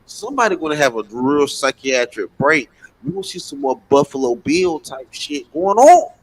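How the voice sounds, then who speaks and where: Animated man with a lively voice. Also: fairly high pitch, normal speed, rough recording. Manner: blunt, animated, swearing freely. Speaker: host, addressed as pastor. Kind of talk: casual panel chat.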